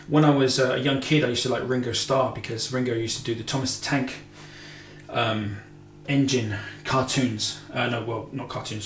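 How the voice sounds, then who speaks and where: A man's voice: medium pitch, a little hiss or hum. Rambling man in a roomy space. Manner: rambling, heavy with filler "you know"s and self-corrections. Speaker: guitar show host. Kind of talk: casual Q&A chat. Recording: roomy echo with faint music.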